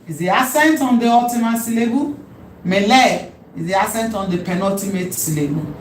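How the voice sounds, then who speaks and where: A woman teaching a Hebrew lesson, speaking deliberately and repeating key words so learners can follow. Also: medium pitch. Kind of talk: recorded language lesson. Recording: roomy echo, faint background hum.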